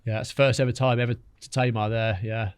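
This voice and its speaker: A man, a podcast guest telling lively stories in casual chat, acting out what others said. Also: mid-range voice, a little hiss or hum. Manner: fast, animated storytelling with quoted dialogue.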